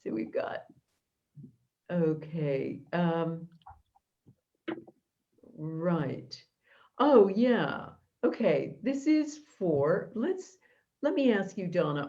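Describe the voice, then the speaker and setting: A woman host talking in a measured, enthusiastic way over a video call. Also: lowish voice, very animated, mellow, highs cut off. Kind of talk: video interview.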